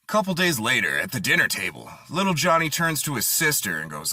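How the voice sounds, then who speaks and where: A man reading dark one-liner jokes, dropping deadpan into the punchlines. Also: medium pitch, a little fast, dry recording, studio quality. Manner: deadpan punchline delivery with lively swings. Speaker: comedy content creator.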